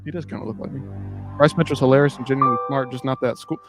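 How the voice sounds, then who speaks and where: A man's voice: mid-range voice, rapid-fire, music in the background. A man hosting a live stream late at night, talking casually and profanely in a loose, rambling way with many restarts. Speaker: livestream host.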